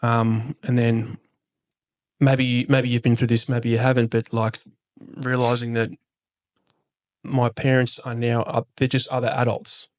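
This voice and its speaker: A man's voice: medium pitch, little pitch movement, measured pace, a little mellow. Candid, frank-talking veteran man. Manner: frank, swears freely, reflective. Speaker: podcast guest, military veteran; father. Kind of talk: candid reflective conversation.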